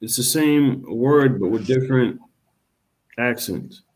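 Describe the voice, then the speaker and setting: A man who is a student in a language class, asking a careful question in halting phrases. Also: medium pitch, a little mellow.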